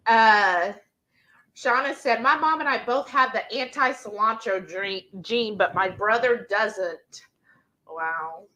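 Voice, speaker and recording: A woman, co-hosting a live cooking stream and reading viewer comments aloud in a casual, unhurried way. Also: on the high side, pushed and bright, slight background noise, poor audio. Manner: slow, unhurried, lots of ums.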